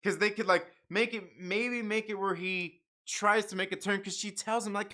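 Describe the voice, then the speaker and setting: A man hosts a casual livestream, talking in a loose, rambling way full of swearing and laughter. His voice sits high and sounds bright and forward. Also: fairly even intonation, moderate pace, hardly any pauses. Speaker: livestream host reading comics. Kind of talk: casual profane chat.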